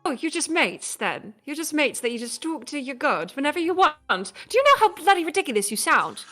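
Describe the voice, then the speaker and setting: A woman voicing a sharp-tongued female fight club owner in a tabletop game, scolding and defiant. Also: high-pitched, sing-song, fairly quick, faint music behind, pitched above the performer's own voice, exaggerated voice.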